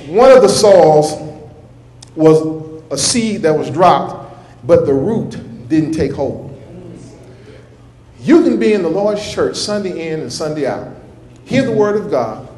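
A man's voice: on the high side, animated, takes it slowly, long pauses, warm tone. A male minister preaching a sermon in church, folksy and repetitive, with a rhythmic delivery. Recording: echoey church room.

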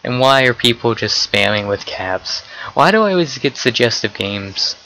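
A young man giving casual, excitable commentary while playing an online game, often swearing and exclaiming at what happens. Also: medium pitch, normal speed, rough recording. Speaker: gameplay commentator.

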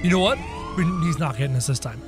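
A man hosting a gaming video with excitable, theatrical commentary, often yelping and shrieking. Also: mid-range voice, fast, soft background music.

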